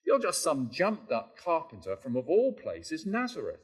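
A man's voice: fairly high pitch, huge pitch swings, normal speed, husky, voice pushed up, heavily acted. A man voicing a scornful crowd member who mocks and dismisses the one he questions. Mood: sneering. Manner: sarcastic, mocking.

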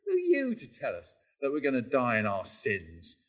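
A man's voice: mid-range voice, huge pitch swings, moderate pace. A man voicing a scornful crowd member who mocks and dismisses the one he questions. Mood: sneering. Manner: sarcastic, mocking.

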